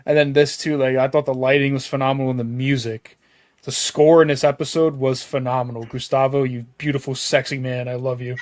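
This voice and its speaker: A man in a casual review chat who gets excited, swears freely and laughs as he talks. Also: medium pitch, a little fast, no room sound, studio quality. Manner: excitable, swears a lot, laughs while talking. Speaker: podcast co-host.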